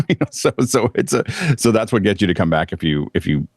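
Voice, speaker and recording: A man co-hosting a tech podcast, chatty and halting, with many fillers. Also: low-pitched, lively intonation, a little mellow, no room sound, studio quality. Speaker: podcast co-host. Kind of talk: casual tech panel discussion.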